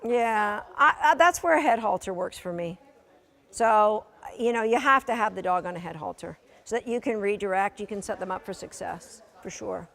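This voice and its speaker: A woman instructing a dog training class, giving brisk, matter-of-fact commands to a dog and its handler, sometimes teasing. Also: mid-range voice, creaky, fairly bright tone. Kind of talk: coaching a live training session. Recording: long reverb of a large hall.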